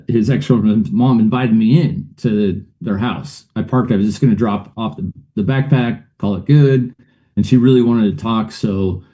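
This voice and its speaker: A man's voice: on the low side, mellow. A middle-aged man, a guest on a show, telling a personal story in a rambling way, with many fillers and uneasy laughs.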